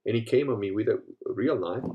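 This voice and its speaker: Brief: man, 50s, from Africa, low-pitched, casual profane storyteller who shifts from mutters to loud bursts. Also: a little fast, highs cut off, background noise. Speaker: host. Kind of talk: casual monologue.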